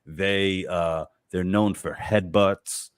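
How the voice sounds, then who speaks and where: Very deep-voiced man telling a relaxed story. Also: clean tone, no echo, studio quality. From United States. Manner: halting, many fillers and repeated words, laughs while telling stories. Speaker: comedian guest.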